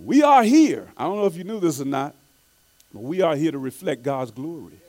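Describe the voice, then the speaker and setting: A man preaching a sermon, reading quotes slowly and repeating key phrases for emphasis, with frequent restarts. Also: on the high side, sing-song, a little mellow. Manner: stumbles and restarts often.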